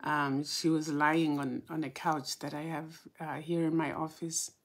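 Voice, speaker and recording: A woman's voice: low-pitched, level tone, measured pace. A woman, a spiritual teacher hosting a live stream, who greets her viewers one by one by name before she starts teaching. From Southern Africa.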